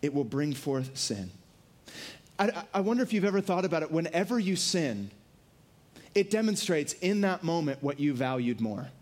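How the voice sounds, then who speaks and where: A man preaching a sermon, lively and earnest, dropping his voice low for emphasis and acting out quotes. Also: a little fast. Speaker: pastor.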